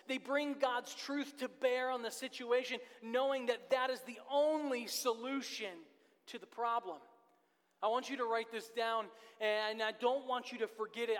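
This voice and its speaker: A man's voice: very high-pitched, a bit bright, in a large hall. A man in his thirties preaching a sermon as pastor, earnest and repeating his key phrases for emphasis. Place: church sanctuary.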